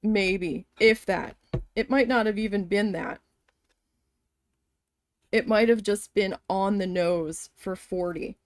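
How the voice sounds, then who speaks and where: A woman with a mid-range voice talks slowly with long pauses, and there's no room sound. In a casual embroidery storytime, this vlogger vents about her old job, animated and swearing, acting out the voices of people she quotes.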